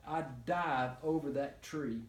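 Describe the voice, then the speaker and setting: A man's voice: fairly high pitch, takes it slowly, slight background noise. A man telling a story to a small group, rambling with many restarts and chuckles. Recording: echoey room, mic from far off.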